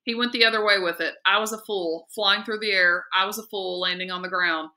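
A woman teacher reading a novel aloud in a steady, lively and expressive way. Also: medium pitch, a little fast. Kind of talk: read-aloud narration of a novel.

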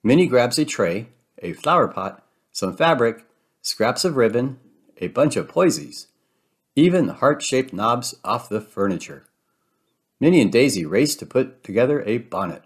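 A man reading a children's storybook aloud, gentle and clear. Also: on the low side, animated, moderate pace. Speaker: storybook reader. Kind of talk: children's read-aloud narration.

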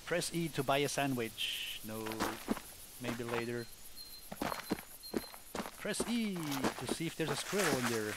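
A man's voice: medium pitch, animated, measured pace, pauses often, very noisy. A man casually commenting on a hunting video game as he plays, thinking aloud with wry asides. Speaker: gamer, let's play host.

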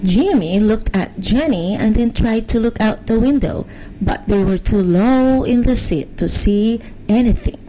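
A woman reading a bedtime story aloud in a gentle, soothing manner. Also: fairly high pitch, animated, measured pace, slight background noise, poor audio.

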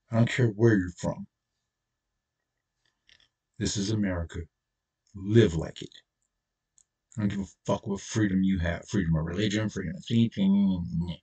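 A man's voice: low-pitched, unhurried, pauses often, darkish tone, slightly rough. Profane, combative man ranting from a distance. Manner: profane, blunt, confrontational. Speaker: channel host. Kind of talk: angry solo rant to camera.

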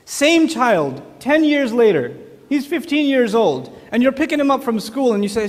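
A man giving an animated religious talk, telling stories and putting questions straight to his audience. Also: extremely high pitch, normal speed, in a large hall. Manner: animated storyteller, addresses the audience directly with questions. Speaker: speaker at an Islamic lecture. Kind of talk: lively conversational religious talk.

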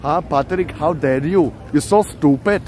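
A man's voice: a little high, unhurried, a little mellow, a little hiss or hum, lightly acted. A man putting on an Indian accent, joking. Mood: teasing. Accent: put-on Indian. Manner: playful, exaggerated, teasing.

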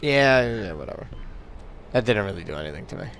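A man's voice: on the low side, very animated, brisk, a bit bright, faint music behind. A man commentating on his gameplay in a casual, frustrated and sarcastic way, swearing often. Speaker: let's play commentator.

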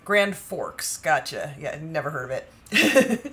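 A woman's voice: deep voice, very animated, slow, a bit bright. A woman co-hosting a home baking vlog, chatty and giggly, reading viewer comments aloud as she talks. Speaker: baking vlog co-host reading live chat. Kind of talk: casual chat.

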